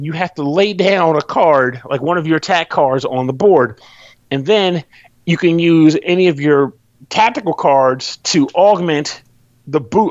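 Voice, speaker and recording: A man's voice: fairly high pitch, no echo, lo-fi sound. A man hosting a podcast, explaining a game in rambling, loose and profane casual chat. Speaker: podcast host reviewing a game.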